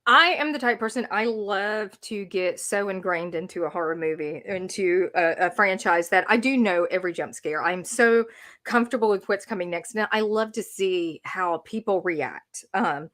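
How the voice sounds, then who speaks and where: A middle-aged woman with a Southern American accent, co-hosting a podcast in casual, animated chat, laughing and exclaiming often. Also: mid-range voice, normal speed. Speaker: podcast co-host.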